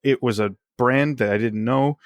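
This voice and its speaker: A man, a guest on a casual podcast, candidly telling personal stories and getting animated as he retells them. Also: medium pitch, normal speed, dry recording, clean studio sound. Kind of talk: casual storytelling.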